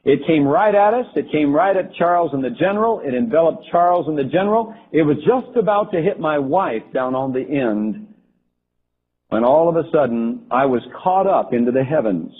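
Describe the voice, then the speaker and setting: Husky man recounting a vision over a tinny line. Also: on the high side, expressive. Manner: halting, with frequent restarts and fillers. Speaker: storyteller recounting a religious vision. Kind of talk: first-person account of a vision. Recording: tinny phone-like lo-fi recording.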